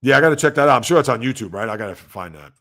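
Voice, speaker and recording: A man hosting a sports talk livestream at home, speaking loudly and emphatically, rambling conversationally and answering viewer comments. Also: medium pitch, animated, rapid-fire. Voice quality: loud, emphatic delivery. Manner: rambling, conversational, talks back to chat.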